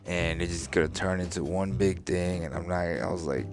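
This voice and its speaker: A man's voice: deep voice, fairly even intonation, moderate pace, music in the background. A man hosting a casual podcast, telling a story at an easy pace and reading old posts aloud with a chuckle. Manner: laid-back storytelling, reading out tweets with amused laughs. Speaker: podcast host.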